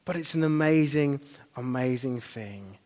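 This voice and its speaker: A man preaching a sermon, conversational and animated, rising to emphatic declarations. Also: medium pitch, a little slow, big-room sound.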